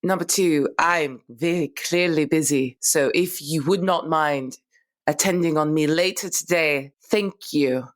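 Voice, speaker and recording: A brisk, imperious woman doctor speaks with haughty, sharp-tongued authority, as a woman plays her. Her voice sits low. Her manner is commanding and clipped.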